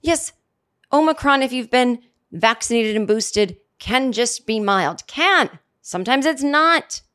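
A woman's voice: a little high, animated, slow pace, a bit bright. Sarcastic rambling woman podcast host. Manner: sarcastic, rambling, self-deprecating asides. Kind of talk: solo comedic podcast monologue. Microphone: studio microphone.

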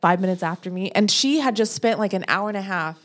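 Animated woman telling a story. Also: fast talker. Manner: animated, acts out her own quotes with rising pitch. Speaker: podcast guest, producer. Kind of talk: casual storytelling.

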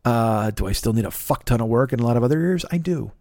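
A man talking alone into a close mic and rambling through a confessional story. His voice sits at an ordinary pitch, and his speech is full of swearing, restarts and self-mocking asides. The recording is dry and close, with no room sound. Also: animated, fast, darkish tone, no echo. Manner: profane, rambling, self-deprecating, many restarts. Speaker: podcast host. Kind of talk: confessional solo monologue.

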